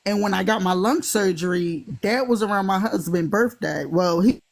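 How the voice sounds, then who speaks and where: With vocal fry and a normal speaking speed, a woman from the Philadelphia accent region, judging by her speech, tells an animated, funny dating story in casual talk and acts out the quotes in higher voices.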